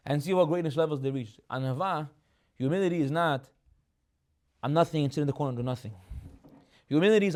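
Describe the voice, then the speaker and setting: A young man giving a lively Torah class, laughing often and dropping Hebrew terms into his English. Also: fairly high pitch. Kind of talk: lively sermon on the weekly portion.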